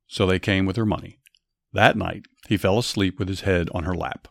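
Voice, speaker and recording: A man hosting a podcast, narrating a Bible story and giving commentary in a measured, earnest reading. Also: sits low, steady tone, vocal fry, dry recording, studio quality.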